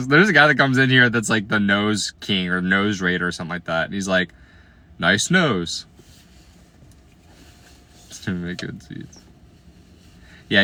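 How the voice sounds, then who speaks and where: A man in his late twenties from Iowa, hosting a casual livestream and riffing on viewer comments. His voice sits a little low but sounds bright and forward, and his talk is playful and slangy, often dropping to quiet asides. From Iowa, USA. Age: 20s.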